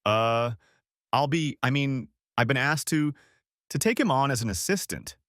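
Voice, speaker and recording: A man's voice: medium pitch, very animated, a little fast, fairly bright tone, no room sound. A man voicing a defensive married woman who stammers when nervous and snaps when angry, in a dry storybook reading. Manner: stammering, then snapping.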